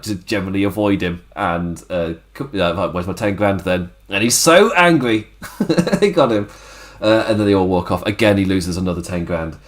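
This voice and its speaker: A man hosting a casual wrestling review podcast, laughing often and acting out the wrestlers' lines. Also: mid-range voice. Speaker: podcast host.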